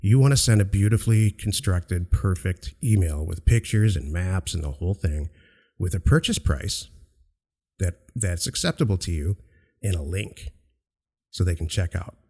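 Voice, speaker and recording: A man's voice: sits low, lively intonation, moderate pace, darkish tone. A man co-hosting a casual radio-style show, giving emphatic instructions and teasing his co-host. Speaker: podcast co-host. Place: outdoors near a beach.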